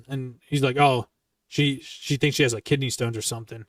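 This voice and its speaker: A young man telling military stories in casual, profane style, bluntly and with lively quoted dialogue. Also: medium pitch, fast talker, no room sound, studio quality, distant mic. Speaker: streamer recounting military stories.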